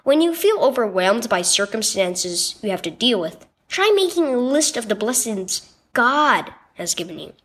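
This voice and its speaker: A woman reading a scripted children's devotional story with expressive storytelling. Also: on the high side, normal speed, hardly any pauses. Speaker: devotional narrator.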